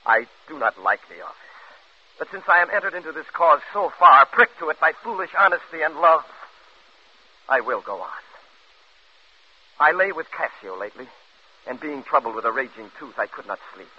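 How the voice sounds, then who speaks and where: Iago, a scheming sly villain. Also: male voice, animated, normal speed. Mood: insinuating. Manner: smooth, insinuating, low and sly. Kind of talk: 1950s radio drama acting. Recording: dull old radio broadcast.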